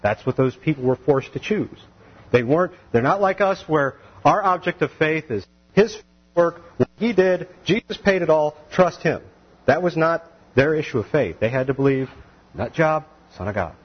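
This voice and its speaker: A man teaching the Bible verse by verse, animated and acting out the voices of the people in the story. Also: fairly high pitch, moderate pace, slightly rough, muffled recording. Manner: animated, acts out voices of biblical figures.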